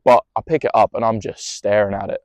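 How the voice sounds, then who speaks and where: A man's voice: on the low side, steady tone, fast, a little mellow, no room sound. A young man tells a personal story in a rambling, emotional way, swearing freely and restarting often.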